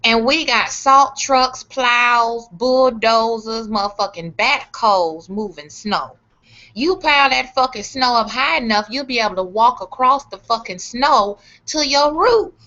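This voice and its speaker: Middle-aged woman from Chicago, bright forceful voice, loud profane vlog rant, dull lo-fi sound. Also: a little high, measured pace. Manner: profane, animated, acts out other people's lines. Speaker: vlogger. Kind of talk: casual storytelling rant.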